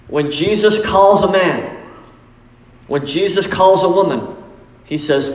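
A man's voice: high-pitched, takes it slowly, pauses often. Preaching man in an echoey hall. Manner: emphatic, rises for acted pleas. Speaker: pastor. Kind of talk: sermon. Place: church sanctuary. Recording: echoey hall with long reverb.

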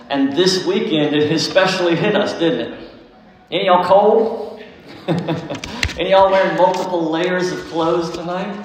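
A man's voice: a little high, far from the mic. A man, an earnest, folksy pastor praying and preaching a sermon. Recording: echoey hall, faint noise.

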